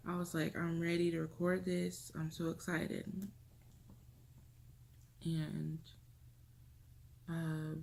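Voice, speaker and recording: A young woman vlogger telling a personal story to camera, emotional and halting, often trailing off softly. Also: low-pitched, gravelly. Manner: emotional, halting, with restarts and soft drops.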